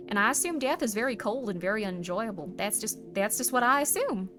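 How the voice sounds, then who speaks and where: Playful high-voiced woman streamer. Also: animated, a little fast, few pauses. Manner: rambling, playful and self-deprecating. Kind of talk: casual livestream chat, reading chat messages. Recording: stream mix with music playing under the voice. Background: background music.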